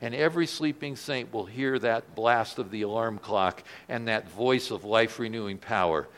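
A male pastor preaching a sermon in a church, dropping his voice soft and then swelling loud for emphasis. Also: fairly low pitch, normal speed.

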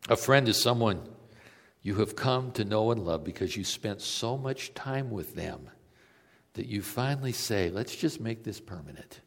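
A male preacher delivering a sermon, telling stories and moving between emphatic peaks and quiet, low passages. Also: expressive, unhurried, long reverb tail.

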